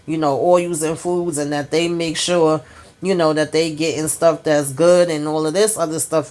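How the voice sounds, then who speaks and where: A woman giving a sassy, animated recap of a TV episode, talking straight to her viewers. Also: low voice. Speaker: TV episode reviewer. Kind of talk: casual recap monologue.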